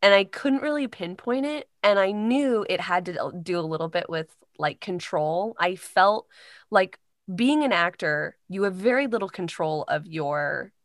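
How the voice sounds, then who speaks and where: A woman's voice: lowish voice, lively intonation, unhurried, dry recording, clean studio sound. A young woman from Indiana, a voice-over artist, talking as a guest in a casual interview, chatty and full of fillers. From Indiana, United States. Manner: chatty, many fillers like "like" and "you know".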